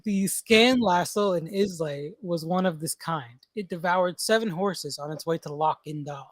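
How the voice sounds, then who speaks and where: A man's voice: sits high, measured pace, no room sound. A man hosting a casual tabletop gaming podcast, reading monster lore aloud and stumbling over place names. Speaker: podcast host.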